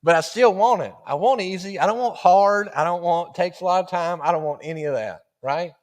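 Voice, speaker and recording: A man telling a folksy story from the pulpit. He speaks in a fairly high voice, acts out the dialogue and keeps the telling animated. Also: a little fast. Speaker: guest preacher. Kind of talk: storytelling sermon.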